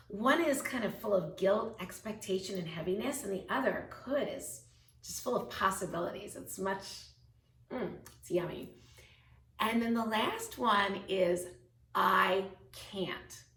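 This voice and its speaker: A woman's voice: mid-range voice, lively intonation, measured pace, fairly bright tone, echoey room, distant mic. A woman in her fifties, a health coach, giving an upbeat, emphatic motivational talk to camera. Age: 50s.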